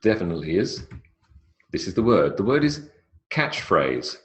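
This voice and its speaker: Brief: low-voiced male English teacher, chatty live lecture. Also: sing-song, fairly quick, a little mellow. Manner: chatty, explanatory, stretches words for emphasis.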